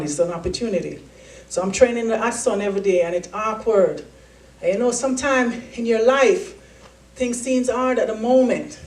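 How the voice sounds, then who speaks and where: A woman's voice: on the high side, far from the mic. A woman gives a motivational speech, acting out the voices in her story with animation. She sounds set back from the microphone, and a large hall echoes around her. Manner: animated storytelling, acts out quotes. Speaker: keynote speaker.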